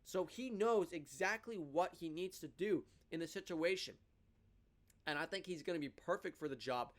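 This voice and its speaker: Excitable man rattling off baseball stats. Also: a little high, moderate pace. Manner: excitable, rattles off stats, lively rises and dips. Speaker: fan show host. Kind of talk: casual sports recap and opinion.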